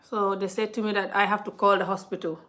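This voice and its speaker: A woman's voice: mid-range voice, fast. A woman on a live stream, chatting casually and telling a long story to her viewers. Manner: chatty, talks a lot; animated retelling, often addresses viewers.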